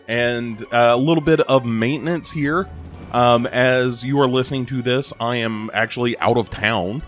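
A man's voice: mid-range voice, fairly bright tone. A man hosting a podcast, wrapping up the episode in a chatty way, with many fillers. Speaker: podcast host. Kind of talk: casual podcast outro.

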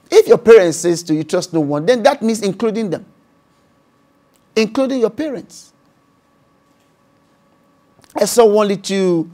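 A man's voice: sits high, a little mellow. A man with a Nigerian accent, a pastor preaching a sermon and acting out voices and speaking in tongues.

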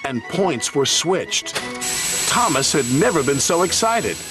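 Lively male storybook narrator. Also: on the high side, a little slow. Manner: lively, expressive reading. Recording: loud music underneath.

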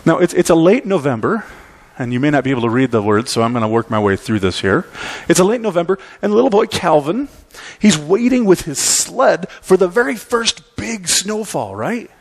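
Animated male pastor preaching. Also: on the high side, normal speed, vocal fry. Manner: animated storytelling with emphatic repeats. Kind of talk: sermon.

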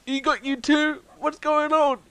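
A man's voice: very high-pitched, little pitch movement, unhurried, sharp tone. A man playing a police officer in a game roleplay, panicky and pleading, stammering as he talks. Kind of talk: in-character roleplay.

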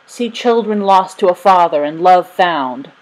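A woman's voice: fairly low pitch, lively intonation, a little slow, low-quality recording. A woman voicing a male street crier who calls out his sales patter in front of a theater in a storybook reading. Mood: rousing.

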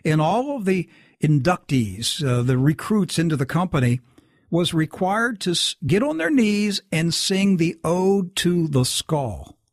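A man's voice: on the high side, unhurried, dry recording, clean studio sound. A man telling a long personal story in casual talk, acting out the people he quotes. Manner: animated, acts out quoted dialogue. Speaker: guest storyteller.

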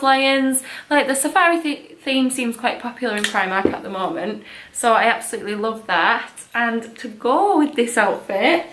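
Slightly high and a bit bright, this young woman's voice carries some room sound plus faint hiss or hum. She's a vlogger doing a casual haul of baby clothes she bought, chatty and gushing, peppering her talk with likes and ums.

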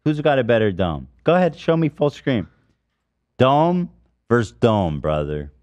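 A man hosting a podcast, loud and joking, mocking his guests in casual banter. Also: mid-range voice, big pitch swings, unhurried, dull audio. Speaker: podcast host.

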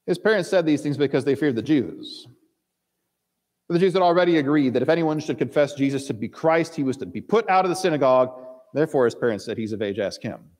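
A man's voice: fairly high pitch, animated, quick pace, darkish tone, in a large hall. A male pastor giving a sermon, reading scripture aloud and acting out the characters' lines in dramatic voices.

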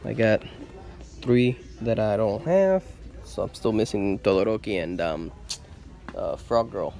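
A man, chatting casually as a collector vlogger, mumbling then bursting into loud exclamations. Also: fairly low pitch, lively intonation, unhurried, gravelly. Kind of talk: casual chat. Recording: noisy background.

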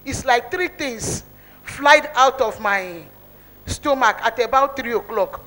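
A woman's voice: fairly high pitch, slow, sharp tone, rough recording. A woman giving a spoken testimony in church, telling her story earnestly, with emotion and many repeats.

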